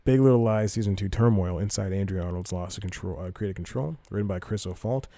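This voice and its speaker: A man with a low, mellow voice talks through the news in an offhand podcast style. He wanders and corrects himself as he goes, then reads articles aloud. The sound is dry and close to the mic. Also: fast, no room sound. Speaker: podcast host. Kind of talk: casual podcast commentary.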